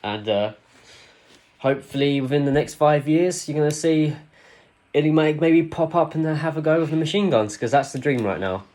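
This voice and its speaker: A man co-hosting a casual podcast, talking in an excitable, rambling way with plenty of fillers. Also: on the high side, moderate pace. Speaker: podcast co-host. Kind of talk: casual wrestling podcast chat.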